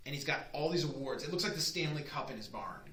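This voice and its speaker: A chef in his thirties, speaking fast in a fairly high voice, chats casually as a guest. He's an animated storyteller who acts out the voices of the people he quotes. The room is echoey, with faint noise.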